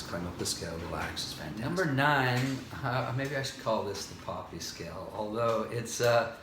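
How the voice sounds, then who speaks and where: A man's voice: lowish voice, echoey room, background noise. A vocal coach, a man with a tired voice, teaching singing and breaking into sung scales and held vowels. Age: older. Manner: explains then demonstrates scales and sustained sung vowels. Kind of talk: singing lesson with vocal demonstrations.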